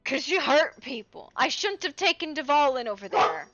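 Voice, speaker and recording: Her voice sits high with big swings in pitch, and she talks at a moderate pace. She's streaming casually from home, swearing liberally and cooing at her dogs in baby talk, over a muffled lo-fi recording with faint background music.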